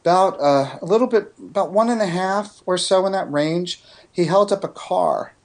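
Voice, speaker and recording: A man's voice: sits high, normal speed, darkish tone. A man from New Jersey, a psychic medium guest, telling stories earnestly in casual interview talk with frequent restarts.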